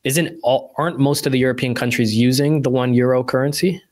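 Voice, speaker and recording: A man's voice: mid-range voice, steady tone, a little fast, darkish tone. A man from Canada with a Southern Ontario accent, hosting a podcast interview in an enthusiastic, chatty way. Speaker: podcast host. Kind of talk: casual interview chat.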